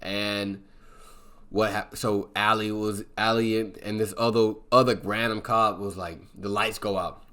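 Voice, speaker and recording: Casual male film reviewer with a low voice who rambles through the plot on filler words. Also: level tone, a little slow, a bit bright. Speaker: movie reviewer.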